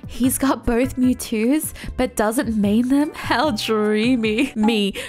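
A young woman with a somewhat high voice reacts to gaming memes in a casual, teasing tone. She laughs often and mixes sarcasm into her commentary. Faint music plays behind her. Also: slow, mellow. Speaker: gaming YouTuber.

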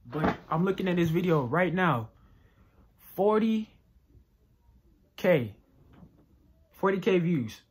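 Husky young man reacting, reflective. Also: high-pitched, animated. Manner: halting, reflective, repeats "you know what I'm saying". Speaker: reaction video creator. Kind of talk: casual reaction commentary.

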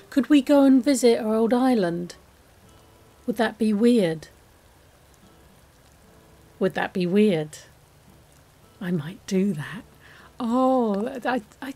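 An English woman giving chatty, excitable, self-mocking let's-play commentary as a gaming YouTuber. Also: fairly high pitch, a little slow, pauses often.

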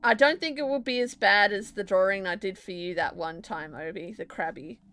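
A young Australian woman streams from home, talking loosely and giggling as she answers her chat. Her voice sits in a middle pitch, and she rambles happily between a game and a drawing. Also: normal speed, fairly bright tone. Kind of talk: casual live-stream chat while gaming and drawing.

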